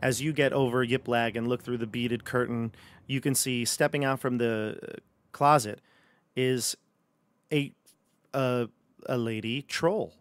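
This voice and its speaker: A man's voice: medium pitch, fairly even intonation, measured pace, pauses often, no echo. A man acting as game master on a live-streamed tabletop game, joking and rambling with many fillers.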